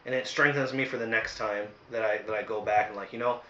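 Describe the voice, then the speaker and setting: A man's voice: on the low side, steady tone, fast talker, pushed and bright, slight background noise. A young man hosting a casual Bible study, reading a chapter aloud and then reflecting earnestly with many fillers. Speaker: host leading a Bible study. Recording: roomy, dull lo-fi sound.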